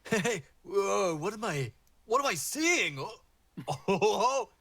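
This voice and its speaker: A man voicing an excitable young male Triton surfer who whoops in awe. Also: high-pitched, slow pace, voice pushed up, exaggerated voice. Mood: stoked. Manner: awestruck, breathless, whooping. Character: excitable young male surfing sea-folk dude.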